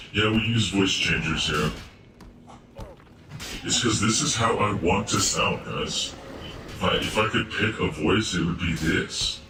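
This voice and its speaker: A man's voice: sits low, slow, pauses often, background noise. A man streaming a game live through a voice changer, chatting casually to his viewers. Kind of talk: live gameplay stream commentary. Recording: echoey room, far from mic, game music.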